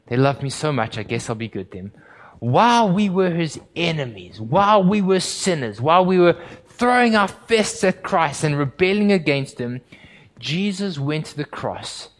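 A man preaching a sermon, retelling a story with vivid drama and dropping low and slow for the quiet, solemn passages. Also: in a large hall, slight background noise. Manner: dramatic storytelling, acting out crowd and Pilate in a raised voice.

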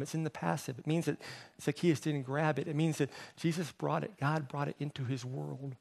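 High-voiced man preaching animatedly. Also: a little fast, creaky. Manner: animated storytelling, voicing quoted characters; drops to a soft, low voice for emphasis. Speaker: pastor. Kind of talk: sermon.

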